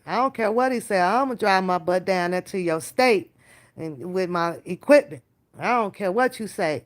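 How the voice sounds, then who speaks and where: A woman hosting a reaction channel, chatting casually with her live viewers, swearing freely and talking in slang. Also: medium pitch. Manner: animated, swearing, slangy, talks to chat directly. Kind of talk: casual live-stream chat.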